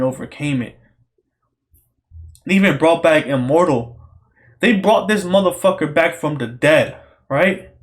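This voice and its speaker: Young guy hyped up ranting about a show, lots of slang and swearing, voice sits a bit high. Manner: excited, profane, repetitive slang-heavy talk. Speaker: podcast host reviewing a show. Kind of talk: casual solo rambling review.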